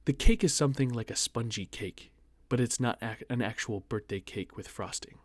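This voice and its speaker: A man's voice: mid-range voice, normal speed, no echo. A young American man reads an online post aloud and breaks in with sarcastic, mocking asides in a casual commentary. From United States. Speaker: host reading online posts.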